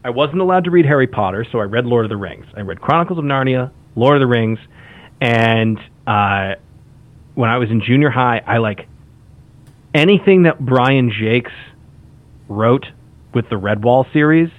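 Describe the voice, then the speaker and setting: A man's voice: medium pitch, lively intonation, normal speed. A man in casual chat, talking enthusiastically and rambling with frequent restarts. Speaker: podcast guest. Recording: phone-like lo-fi audio.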